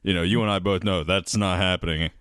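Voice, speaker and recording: A man co-hosting a podcast, making wry deadpan asides and swearing casually. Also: low-pitched, brisk, clean tone, no room sound, clean studio sound. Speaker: podcast co-host.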